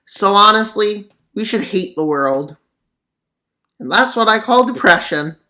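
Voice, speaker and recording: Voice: medium pitch, expressive, unhurried, bright, forceful tone. A mapping video narrator giving casual commentary on a war scenario, full of sarcastic, rambling asides.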